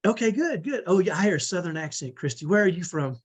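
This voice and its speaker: A man's voice: sits high, lively intonation, quick pace, slightly rough. A middle-aged man hosting a live online parenting training on a video call, earnest and emphatic, often tagging on "right?". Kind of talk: live webinar talk.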